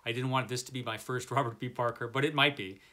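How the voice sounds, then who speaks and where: Bright-voiced chatty man. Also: mid-range voice, steady tone, fast. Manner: rambling, chatty, self-deprecating. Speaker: book channel host. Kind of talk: casual book tour vlog.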